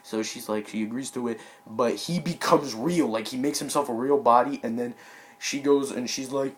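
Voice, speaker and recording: A young man talking through a movie's plot in a loose, scattered way. He piles up fillers and restarts, and he breaks off with quick apologies. His voice sits at an everyday middle pitch. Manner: excitable, apologetic asides. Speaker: movie reviewer. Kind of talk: casual spoken movie recap.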